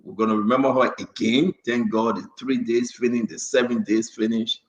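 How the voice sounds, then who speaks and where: A man's voice: medium pitch, flat delivery, moderate pace, echoey room, muffled recording. A man hosting a live talk show and greeting viewers by name, stumbling over hard names as he reads them out. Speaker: show host and preacher. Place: New Jersey area.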